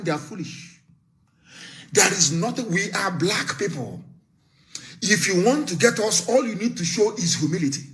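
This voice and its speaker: A man with a Nigerian accent delivers a fiery live broadcast address. His voice sits high and sounds bright and forceful, and he is scornful throughout, repeating phrases and breaking into shouts. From southeastern Nigeria. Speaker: activist leader.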